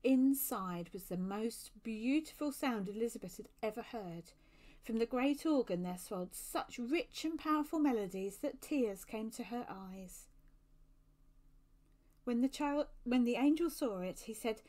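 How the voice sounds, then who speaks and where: Expressive woman reading a storybook. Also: a little high, measured pace. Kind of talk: reading a children's book aloud.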